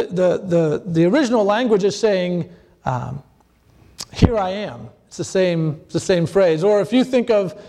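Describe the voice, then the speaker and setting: A man preaching a sermon, halting with many fillers and restarts, acting out the voices he quotes. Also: high-pitched, mellow. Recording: long hall reverb.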